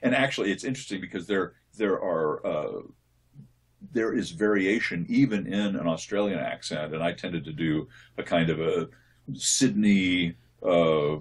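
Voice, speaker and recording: A man, a voice actor, answering interview questions in a relaxed, thoughtful way, often restarting his sentences as he explains. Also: deep voice, unhurried, breathy edge. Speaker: voice actor guest.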